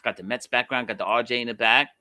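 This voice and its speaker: A man co-hosting a podcast, talking sports in a casual, animated way and laughing easily. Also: mid-range voice, quick pace, dry recording, clean studio sound. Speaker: podcast co-host.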